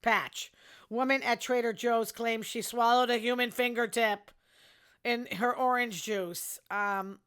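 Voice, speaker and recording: An older woman hosting her own show, chatting bluntly about the news and her personal life and quickly getting outraged. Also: fairly high pitch, fairly even intonation, a bit bright, clear, resonant tone. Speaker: show host. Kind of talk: casual news commentary.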